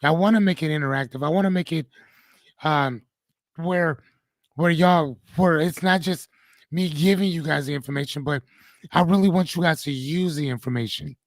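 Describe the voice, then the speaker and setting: Animated man hosting a joking live chat. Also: on the high side, moderate pace, no echo. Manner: animated, joking, slangy, reads viewer comments. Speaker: host and coach. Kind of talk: live stream chat reading comments.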